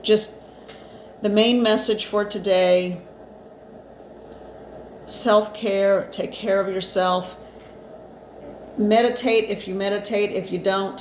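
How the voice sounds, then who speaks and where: A woman giving a casual spiritual card reading, chatty and reassuring, with fillers and restarts, a bit short of breath. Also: medium pitch. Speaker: psychic reader. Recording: echoey room, faint ambient noise.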